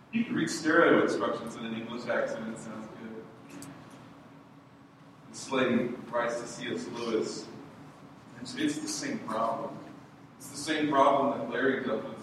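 A man's voice: mid-range voice, noisy background. A man preaching an earnest sermon as pastor, his intensity rising as he goes. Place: church sanctuary. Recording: echoey church hall from far off.

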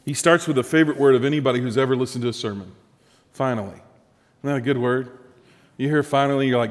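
A male pastor preaching a sermon with lively rhetorical questions to his congregation. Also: fairly high pitch, a little fast, in a large hall.

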